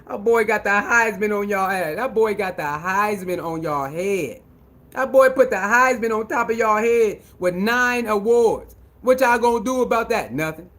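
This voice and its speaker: Man, animated sports rant, very high voice, bright tone, slang-heavy, repetitive. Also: moderate pace. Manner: loud, laughing, repetitive slang-heavy ranting. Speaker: sports commentator.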